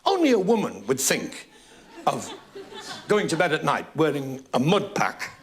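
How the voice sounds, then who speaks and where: Animated Liverpool comedian, lively pitch. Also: male voice, measured pace. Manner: jokey, animated storyteller. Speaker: comedian host. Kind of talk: stand-up comedy and audience chat. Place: TV studio before a live audience. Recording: noisy TV studio with loud audience.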